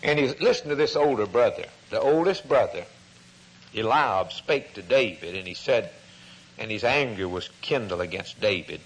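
A man's voice: animated, normal speed, breathy edge, poor audio. A man preaching a sermon, telling a story and acting out the quoted voices. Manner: storytelling preacher, acts out quoted voices, rises in pitch when stirred.

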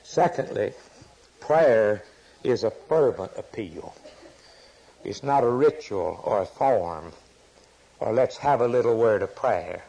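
A man preaching a sermon with passion, his voice rising to sudden loud peaks. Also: fairly low pitch, expressive, slow, gravelly, pauses often, slightly rough, rough recording.

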